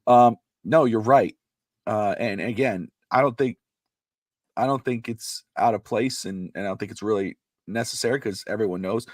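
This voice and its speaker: A man co-hosting a casual podcast, rambling and animated, acting out quotes, with a slightly irritated throat. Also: fairly low pitch, no room sound, clean studio sound. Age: adult with a child. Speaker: podcast co-host.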